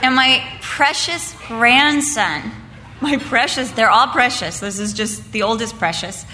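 An older woman telling a family story and preaching at a women's Christmas event, moving from lively storytelling into earnest preaching. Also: a little high, unhurried. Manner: animated storytelling, acting out family voices, then earnest preaching. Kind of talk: storytelling sermon. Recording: reverberant hall with faint background noise.

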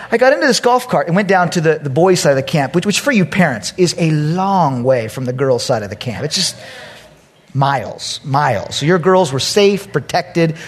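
During his sermon, a male pastor with a husky, high voice tells a story. His pitch swings widely, and he acts out every quote with loud, animated energy.

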